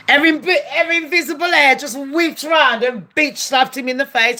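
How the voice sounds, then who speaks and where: Woman going off on a rant, high voice, swearing a lot, keeps asking "am i lying". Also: brisk, few pauses, bright, forceful tone. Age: adult. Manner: blunt, profane, heated, rhetorical questions. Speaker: commentary vlogger. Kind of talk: opinionated rant to camera.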